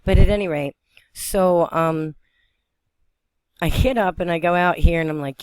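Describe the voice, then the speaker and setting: A woman from western Pennsylvania vlogging on a phone, excitable and rambling as she talks, often breaking into laughter. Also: fairly low pitch, measured pace, long pauses, smooth, no room sound. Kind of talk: excited spiritual vlog narration.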